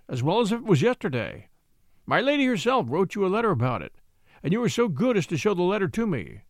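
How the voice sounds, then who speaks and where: A man's voice: sits high, dry recording, clean studio sound, exaggerated voice. A man voicing an elderly male house steward who is stubborn, fussy and loyal, in an audiobook reading. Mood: obstinate. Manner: obstinate, fussy and respectful.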